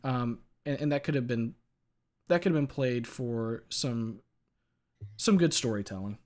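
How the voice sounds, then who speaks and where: A man of ordinary mid pitch hosts a relaxed chat. He thinks aloud, circling back and restarting his sentences as he gropes for the right term. The delivery is easygoing and unscripted. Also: unhurried. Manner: thoughtful, hesitant, many filler words. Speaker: podcast host. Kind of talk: casual chat.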